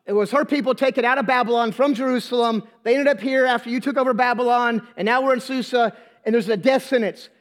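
High-voiced preacher retelling a story with humor. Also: male voice, quick pace. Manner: lively, humorous, slangy retelling. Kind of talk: storytelling sermon. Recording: long hall reverb.

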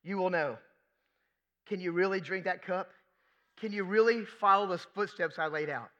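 A man's voice: high-pitched, normal speed, sharp tone, big-room sound, muffled recording. A man preaching, voicing an earnest male teacher who insistently corrects his followers, repeating himself.

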